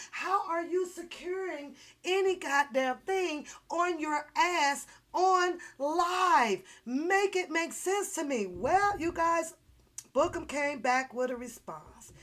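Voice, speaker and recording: A woman with a high, bright-pitched voice rants to her viewers in a loose livestream style. She teases and swears freely, breaking into laughter as she goes. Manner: animated, profane, teasing, laughs often. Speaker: vlogger. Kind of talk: casual ranting livestream commentary.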